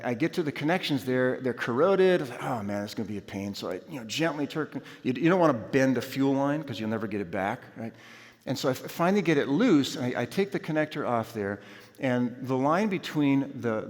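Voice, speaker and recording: A man telling a lively personal story as a chapel speaker, acting out his own shouts along the way. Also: mid-range voice. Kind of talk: storytelling sermon. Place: large university chapel. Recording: long hall reverb.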